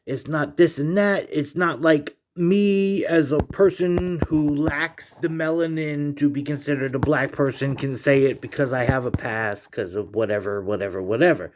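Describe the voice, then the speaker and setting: A man's voice: on the high side, moderate pace, hardly any pauses, a little hiss or hum. A middle-aged man vlogging in a casual, rambling monologue, profane and heated as he digresses.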